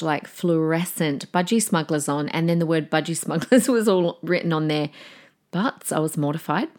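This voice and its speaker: A middle-aged Australian woman hosting a solo podcast, chatty and animated, with fillers and quick laughs. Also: low-pitched. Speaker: podcast host.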